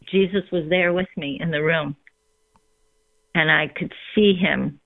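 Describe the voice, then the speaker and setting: A woman telling her personal faith story in a reflective, unhurried way, with frequent ums. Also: deep voice, gravelly, no echo. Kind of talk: personal testimony in conversation. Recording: tinny phone line.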